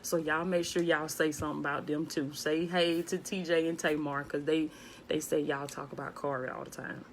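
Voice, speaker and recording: A woman with a low voice talks casually to a live-stream audience from her home. Her delivery is laid back and hushed, and she greets viewers by name as she goes. A faint noise sits under the phone recording. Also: little pitch movement, normal speed. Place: at home, indoors.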